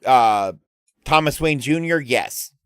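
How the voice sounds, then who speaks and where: A man's voice: medium pitch, expressive, takes it slowly, smooth, no echo. A man streaming a video game, chatting casually and talking to himself in an amused way while he has the hiccups. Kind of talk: casual gameplay commentary.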